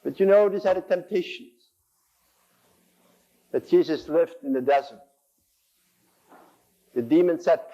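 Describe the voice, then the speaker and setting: A man's voice: on the high side, a little slow, long pauses, warm tone, low-quality recording. A man in his sixties giving an impassioned sermon in a church, building on repeated phrases and acting out inner voices. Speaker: preacher.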